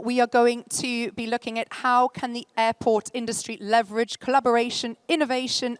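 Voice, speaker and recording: A Geordie woman hosts a conference panel from the stage. Her voice sits a bit high and comes through smooth and crisp. The sound is dry and close, with no room around it. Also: no room sound. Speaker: panel moderator. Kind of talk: live event hosting.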